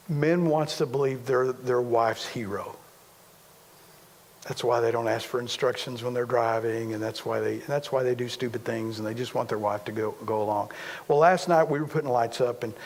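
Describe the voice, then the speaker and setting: A man's voice: mid-range voice, in a large hall. A man preaching a sermon as a pastor, talking conversationally, repeating himself and poking fun at himself. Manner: conversational, repetitive, self-deprecating humor.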